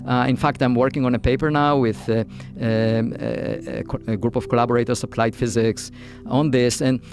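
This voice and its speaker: A man, a physicist guest, talking through an interview with many pauses, fillers and restarts. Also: medium pitch, steady tone, a little mellow, faint music behind. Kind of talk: interview conversation.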